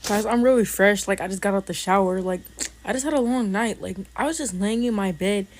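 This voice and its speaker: A woman chats through a casual storytime for her viewers, loose and rambling, with filler words everywhere. Her voice sits at an ordinary middle pitch. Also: a little fast, a little mellow, slight background noise.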